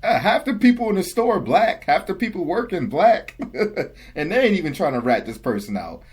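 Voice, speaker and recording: A young man with a husky, slightly higher voice talks through a reaction video. His pitch swings widely as he laughs and jokes back at the clip. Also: big pitch swings, moderate pace. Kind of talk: casual reaction commentary.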